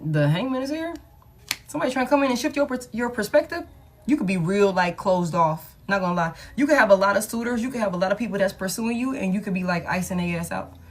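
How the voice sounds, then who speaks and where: A woman's voice: mid-range voice, lively intonation, quick pace. A woman giving a casual collective tarot reading, blunt and slangy, swearing freely and hyping the listener up. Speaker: tarot reader.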